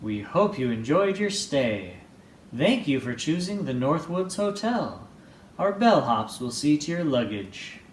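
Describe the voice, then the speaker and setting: A man reads a children's picture book aloud at a relaxed, slow pace, his voice rising and falling playfully. His pitch sits a touch high for a man. The room is echoey, with a faint hum behind him. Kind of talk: storybook read-aloud with voices.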